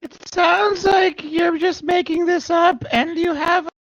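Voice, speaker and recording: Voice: extremely high pitch, fairly even intonation, slow, a bit bright, no room sound, dull audio, exaggerated voice. A performer voicing a blunt, doubtful little kid in a comedy podcast sketch. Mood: skeptical. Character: skeptical sassy little kid.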